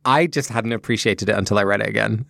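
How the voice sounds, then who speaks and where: A man co-hosting a podcast, animated and talking in quick bursts in casual conversational discussion. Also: on the low side, vocal fry, dry recording. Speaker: podcast co-host.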